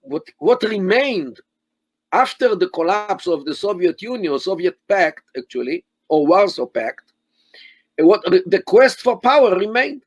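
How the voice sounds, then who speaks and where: An older man speaking as an interview guest over a video call, making his points deliberately and emphatically with many restarts and fillers. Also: sits high, sing-song, dry recording. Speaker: interview guest, Middle East scholar.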